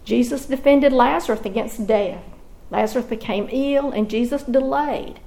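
Gravelly-voiced woman teaching scripture. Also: a little high, moderate pace, warm tone, rough recording. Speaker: Bible teacher.

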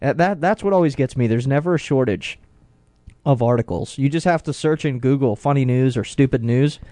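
A man's voice: medium pitch, fairly quick, mellow, dry recording, studio quality. A man hosting a radio talk show, reading odd news stories aloud with joking asides.

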